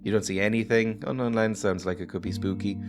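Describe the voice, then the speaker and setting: Low-voiced guy rambling through a game, jokey and chatty, faint music under it. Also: fairly even intonation, fast. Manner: chatty, jokey, laughs often. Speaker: let's play gamer. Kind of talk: casual game commentary. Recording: music playing behind.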